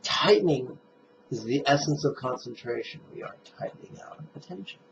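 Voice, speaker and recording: A man teaching meditation, speaking in slow, deliberate, emphatic phrases as he gives instruction. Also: medium pitch, lively intonation, gravelly. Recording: dull lo-fi recording with faint noise.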